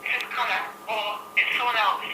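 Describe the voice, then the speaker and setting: A woman's voice: medium pitch, steady tone, moderate pace, pushed and bright, echoey room, poor audio. A woman being prank-called who answers in an irritated, confrontational way. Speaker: prank call target.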